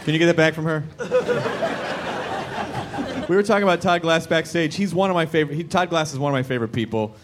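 A man hosting a live comedy podcast on stage, quick and joking with casual profanity. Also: on the high side. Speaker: podcast host. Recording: live stage with loud audience and noise. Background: audience laughter.

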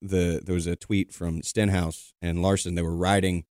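A man with a somewhat low voice, chatting easily on a podcast. He tells stories in an unhurried, friendly way. The sound is dry and close. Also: flat delivery, darkish tone, no room sound. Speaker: podcast co-host. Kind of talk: casual chat.

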